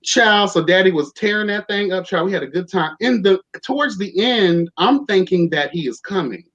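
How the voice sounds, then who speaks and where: A man's voice: sits high, expressive, normal speed, a bit bright. A young man casually telling a story on a talk show, campy and sassy, profane, calling everyone child and honey. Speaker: podcast host. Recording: dull lo-fi sound.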